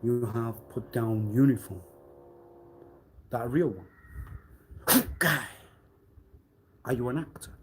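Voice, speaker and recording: A man on a live stream delivering a rambling, accusatory monologue, swinging between loud outbursts and low muttering. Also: a little hiss or hum. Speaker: livestreamer.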